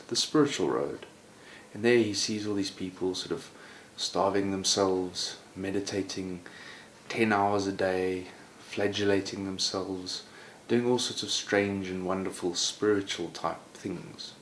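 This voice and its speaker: Low-voiced man telling a story. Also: measured pace. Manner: relaxed and conversational, many "sort of" asides. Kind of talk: oral storytelling. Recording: roomy echo, faint background noise.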